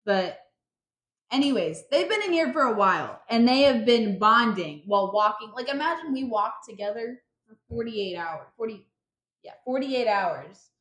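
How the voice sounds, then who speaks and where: A woman's voice: a little high, animated, normal speed, fairly bright tone. A young woman casually recapping book chapters on a podcast, chatty and full of fillers, laughing often. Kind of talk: casual chat. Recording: echoey room.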